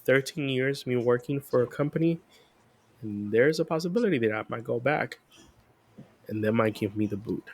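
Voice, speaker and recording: A man's voice: medium pitch, animated, moderate pace, darkish tone, slightly rough. Frank man telling his story. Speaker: podcast co-host. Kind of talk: casual chat.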